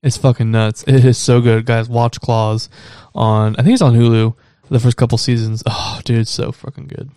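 A man's voice: mid-range voice, steady tone, mellow, clean tone, no room sound. Man, podcast co-host, blunt, swears a lot, dry close sound. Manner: blunt, swears freely, quick interjections. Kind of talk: casual chat.

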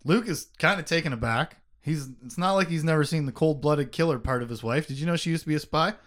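Animated high-voiced man discussing a book. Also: fast. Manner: animated, laughs often, swears casually. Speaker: podcast host. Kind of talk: casual book discussion with read-aloud passages.

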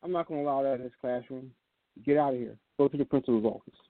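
A man's voice: mid-range voice, quick pace, dry recording, close to an everyday voice. A man voicing a stern female schoolteacher in a told story, over a phone line.

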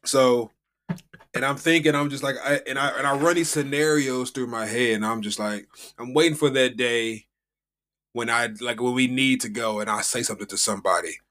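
A man's voice: mid-range voice, steady tone, normal speed, fairly bright tone. Rambling American man, casual chat. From United States. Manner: rambling, loose slangy storytelling. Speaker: podcast co-host. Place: home.

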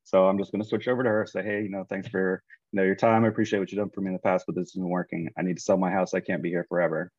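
A man casually telling a long personal story, animated and acting out what others said. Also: deep voice, very fast, husky, no echo, highs cut off. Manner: animated, quotes people in his own voice.

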